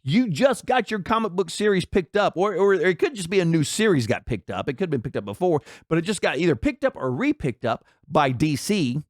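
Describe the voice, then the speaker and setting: A man's voice: on the high side, big pitch swings, a little fast, few pauses, no echo. Indignant male commentator with a mocking edge, a raised voice that swings up and down, recorded dry. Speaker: commentary channel host. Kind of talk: ranting commentary.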